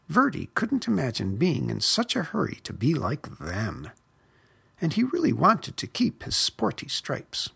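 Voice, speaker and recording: A narrator reads a children's picture book aloud, expressive and unhurried. The voice is mid-range and husky, with vocal fry.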